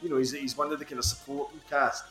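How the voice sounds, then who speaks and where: A man co-hosts a casual podcast in a bright, forceful voice. He talks enthusiastically, laughing and swearing as he goes. The room is echoey, with faint music in the background. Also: medium pitch, fairly even intonation, fast. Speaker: podcast co-host. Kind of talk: casual chat.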